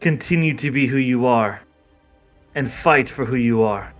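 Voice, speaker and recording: A man's voice: medium pitch, unhurried, faint music behind, voice pushed down, natural voice. A man voicing a remorseful old scientist. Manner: tearful, confessional. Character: remorseful older male scientist, once cruel.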